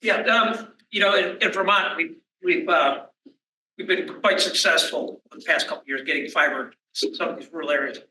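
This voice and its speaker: A man with a bright, cutting voice and a slightly raised pitch speaks in halting bursts, restarting his phrases often. He is heard from some distance in an echoey room. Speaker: panelist. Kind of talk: panel discussion.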